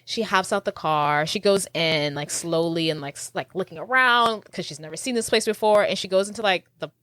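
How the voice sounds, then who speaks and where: A woman's voice: fairly low pitch, fairly quick, fairly bright tone, no echo. A young woman co-hosting a podcast, chatting casually about a movie and using lots of filler words. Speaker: podcast co-host. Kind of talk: casual chat recapping a movie.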